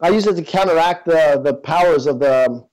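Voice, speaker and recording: A man's voice: on the high side, normal speed, darkish tone, poor audio. A man being interviewed as a guest, talking casually and earnestly, with many fillers and restarts. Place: in Toronto.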